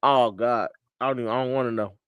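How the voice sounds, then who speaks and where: A Connecticut podcast host runs a casual sports chat show on a livestream with a studio mic, clean tone, and no room sound. He's laid-back, laughs often, and repeats himself, talking fast in a steady, fairly bright mid-range voice.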